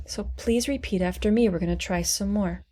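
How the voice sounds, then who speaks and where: A woman teaching English pronunciation, saying single words slowly and clearly for learners to repeat. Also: mid-range voice, dark tone. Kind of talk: slow, deliberate pronunciation lesson.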